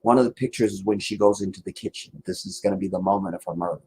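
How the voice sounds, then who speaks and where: A man's voice: low voice, quick pace, dark tone, slight background noise, low-quality recording. A man giving an earnest, emotional commentary monologue, preaching at times. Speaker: online commentator.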